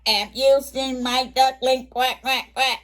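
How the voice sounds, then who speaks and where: A woman voicing a worried mother duck in a children's picture book, calling loudly for her lost duckling and quacking. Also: fairly even intonation, takes it slowly. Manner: loud high quacking calls.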